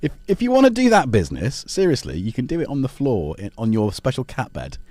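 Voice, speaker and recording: A man's voice: mid-range voice, wildly swooping pitch, quick pace, warm tone, no echo. A man hosting a casual live stream, rambling and joking, drifting off on tangents and talking to his cats. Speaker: livestream host.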